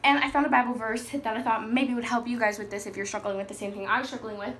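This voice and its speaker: A woman's voice: on the high side, steady tone, fast talker, a bit bright. A teenage girl in casual personal talk about her faith, chatty and rambling, often correcting herself mid-sentence. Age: teens. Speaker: faith vlogger.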